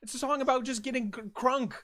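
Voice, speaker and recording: A man's voice: extremely high pitch, fairly even intonation, quick pace, a bit bright. A man chatting casually while streaming a video game, rambling and swearing, with many restarts. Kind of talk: casual gaming stream chat.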